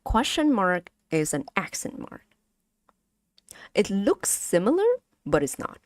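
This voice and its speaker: A young woman with a Vietnamese accent, teaching Vietnamese on a casual stream, speaking haltingly with many fillers and repeats. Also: medium pitch, big pitch swings, no echo, clean studio sound. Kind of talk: casual language lesson stream.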